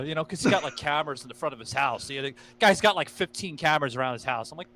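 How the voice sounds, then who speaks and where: A man hosting a podcast in casual chat, telling stories in a rambling, excitable way and swearing freely. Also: on the high side, fast talker, few pauses. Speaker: podcast host.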